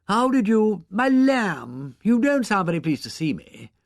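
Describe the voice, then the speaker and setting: A man doing a gushing, high, effusive young society woman. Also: sing-song, unhurried, vocal fry, dry recording, clean studio sound, full character voice.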